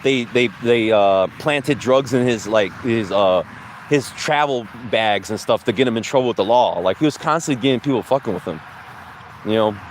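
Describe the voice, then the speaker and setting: A man's voice: medium pitch, moderate pace, slight background noise. A man hosting a casual podcast while out on a walk, rambling, swearing and laughing often. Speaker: podcast host. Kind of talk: casual chat while walking outdoors.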